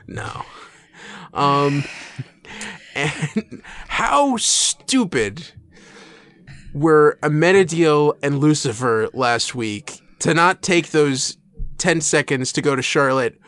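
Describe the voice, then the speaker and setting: A man's voice: fairly high pitch, lively intonation, extremely slow, long pauses, a bit bright. A man co-hosting a podcast, talking in a laid-back, hesitant way about TV episodes. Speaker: podcast co-host. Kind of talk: casual TV review chat.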